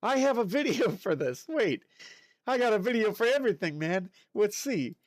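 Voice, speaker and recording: A man's voice: high-pitched, very animated, moderate pace, dry recording. A male streamer chatting casually and playfully with his live chat while he works at his desk.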